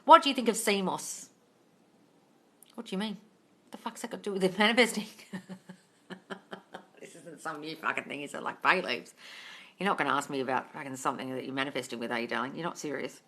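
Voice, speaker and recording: A woman's voice: deep voice, lively intonation, quick pace, pauses often, fairly bright tone. Sweary woman calling everyone darling. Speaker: manifesting coach hosting a live Q&A. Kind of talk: casual live Q&A, reading out viewer comments.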